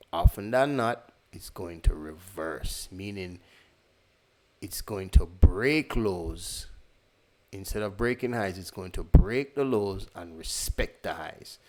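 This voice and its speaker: A trading instructor gives a casual screen-share lesson in a low voice with a darkish tone. He teaches conversationally, repeating key phrases and correcting himself as he goes.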